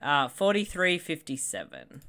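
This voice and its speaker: Bright, lively woman joking through a movie. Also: low voice, a little slow. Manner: joking, swears freely, laughs often. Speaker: podcast co-host watching a movie. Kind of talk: casual movie commentary chat.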